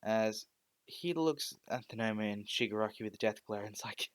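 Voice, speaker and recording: A man's voice: fairly low pitch, a little fast, fairly bright tone, no room sound. A man narrating an improvised fan story in a rambling way, with frequent restarts and "well"s.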